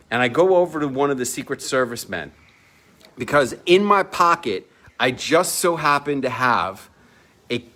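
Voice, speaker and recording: A man's voice: mid-range voice, fairly bright tone. A man, an entrepreneur, telling a personal story to camera in a casual, emphatic, boastful way, swearing freely and acting out the people he quotes. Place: at a villa at sunset.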